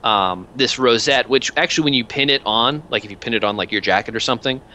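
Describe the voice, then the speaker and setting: A man running a tabletop game as narrator, describing the scene in loose, rambling bits. His voice is bright and forceful, sitting mid-pitch for a man. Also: fast, slight background noise. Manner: loose, rambling description with many fillers and restarts. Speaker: game master.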